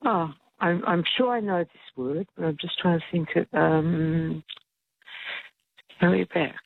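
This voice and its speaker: A woman's voice: fairly low pitch, a little slow, creaky. A woman calling in to a radio quiz over the phone, thinking aloud and hesitating over answers. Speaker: caller. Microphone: telephone. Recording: tinny phone line.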